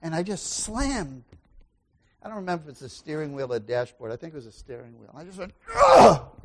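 A man preaching a sermon as pastor, asking the congregation questions and swinging between loud exclamations and quiet asides. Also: fairly high pitch, animated, brisk.

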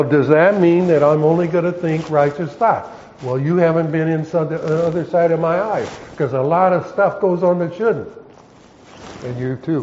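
Man teaching scripture, halting and muffled. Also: fairly high pitch, a little mellow, slight background noise. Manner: halting, self-correcting, explaining word by word. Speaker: pastor. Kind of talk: expository Bible teaching.

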